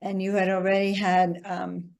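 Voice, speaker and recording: A woman speaking as a podcast guest in a calm, matter-of-fact conversational way. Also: medium pitch, moderate pace, creaky. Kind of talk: casual conversation about spirituality.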